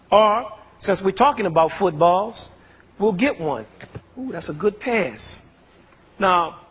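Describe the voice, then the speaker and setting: A man's voice: high voice, a bit bright, a little hiss or hum. A man teaching music to an audience in a playful, demonstrative way, joking and counting beats aloud. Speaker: music educator presenting to an audience. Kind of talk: playful lecture with spoken demonstrations. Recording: long reverb of a concert hall.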